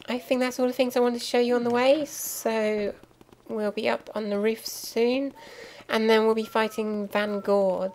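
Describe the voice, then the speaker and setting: In a medium-pitched, slightly mellow voice, a young woman chats her way through a let's play, explaining as she goes with many ums and asides. It's a low-quality recording with a little hiss or hum, and game music plays clearly in the background.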